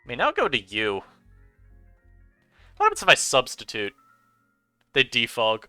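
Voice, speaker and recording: A man giving chatty, animated commentary over his own gameplay as a streamer, laughing often. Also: on the low side, a little slow, long pauses, clean tone, no room sound, faint music behind. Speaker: online game streamer.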